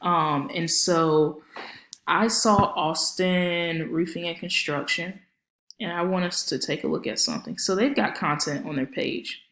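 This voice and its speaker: A woman's voice: lowish voice, a little slow, a bit bright, a little hiss or hum. Chatty woman in an echoey room. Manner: chatty, many filler ums, friendly advice. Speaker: marketing consultant. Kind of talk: screen-share website walkthrough.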